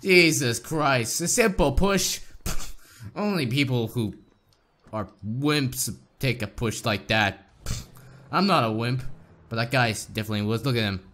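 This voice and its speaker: A man's voice: medium pitch, measured pace. A man hosting a gaming channel, giving crude, joking commentary over gameplay with plenty of swearing. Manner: joking, swearing, bursts into shouts and laughs.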